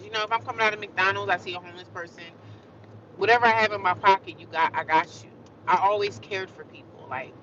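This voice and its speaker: A woman's voice: on the low side, pushed and bright, dull audio, a little hiss or hum. A woman ranting on a live stream, emphatic and fiery, repeating and drawing out her phrases. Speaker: livestreamer.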